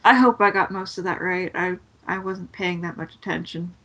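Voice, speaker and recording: A woman's voice: on the low side, moderate pace, bright, forceful tone, dull audio. A woman co-hosting a podcast, recapping wrestling in blunt, sarcastic casual chat and swearing freely. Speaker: podcast co-host.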